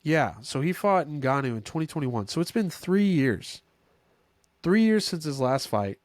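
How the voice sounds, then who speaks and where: A man hosting a casual sports podcast on his own, rambling and correcting himself, with sudden bursts of excitement. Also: on the high side, measured pace, no echo. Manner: rambling, self-correcting, filler-heavy. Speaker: podcast host. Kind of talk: casual solo sports chat.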